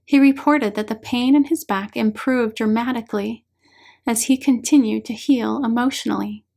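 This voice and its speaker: A woman reading her own book aloud as an audiobook, in a calm, measured way. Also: on the high side, gravelly. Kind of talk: audiobook narration.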